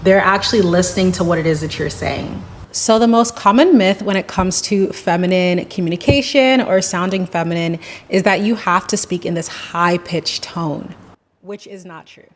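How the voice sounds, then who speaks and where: A young woman giving advice to camera in a slow, deliberate, gentle manner. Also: on the low side. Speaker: YouTuber giving femininity advice. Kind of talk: speaking-to-camera advice lesson.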